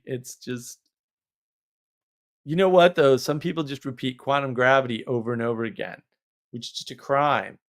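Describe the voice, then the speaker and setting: A man hosting a casual livestream, talking in an animated, exasperated, rambling way with frequent laughs. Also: mid-range voice. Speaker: livestream host.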